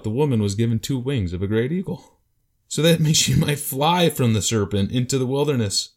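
A man co-hosting a casual Bible study talk, retelling passages as an animated storyteller who acts out voices. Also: lowish voice. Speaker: podcast co-host teaching Bible passages.

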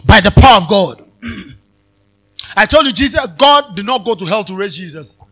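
A man preaching a sermon as pastor at a live convention, repeating phrases and swinging between soft talk and shouts. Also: sits high, animated, moderate pace.

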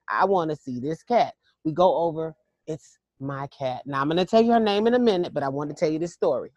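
A woman's voice: sits low, vocal fry, no echo. A woman casually telling a long personal story to listeners in a chatty, emphatic way with frequent restarts.

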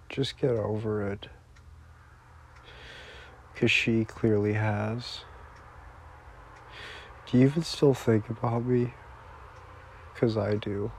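A man's voice: fairly low pitch, fairly even intonation, drawn-out words, long pauses, a little hiss or hum. A man crying as he records a rambling, profane, heartbroken personal voice message.

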